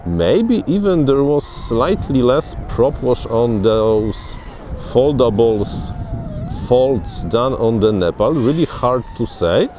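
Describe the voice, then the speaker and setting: A man talks his way through a drone test flight out on the grass, excitable and given to repeating himself. His voice sits in a middle register. Faint outdoor noise runs under his words. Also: mid-range voice, slow pace. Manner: chatty, restarts words, excitable. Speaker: FPV drone reviewer. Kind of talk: casual outdoor flying commentary.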